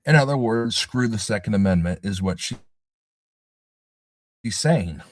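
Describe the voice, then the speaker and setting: A man talks loosely through his livestream, drifting between sarcastic remarks and self-mocking asides. His voice sits low and the sound is dry and close, with no room around it. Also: lively intonation, measured pace, no room sound. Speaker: livestream host. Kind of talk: casual livestream chat.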